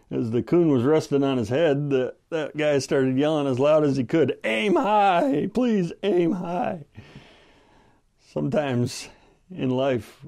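A man, the pastor, teaching an earnest, measured radio Bible-study sermon and reading scripture aloud. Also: mid-range voice, vocal fry, dark tone.

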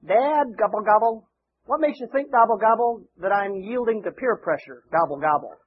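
A young eagle who keeps gobbling like a turkey, as a preacher puts him on. His voice sits high and husky. It comes through a dull, lo-fi recording. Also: normal speed. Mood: teasing.

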